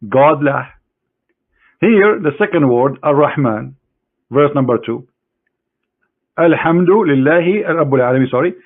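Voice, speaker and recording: A man giving a combative screen-share lecture in mocking, halting English as an online debater. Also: a little high, animated. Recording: tinny phone-like online audio.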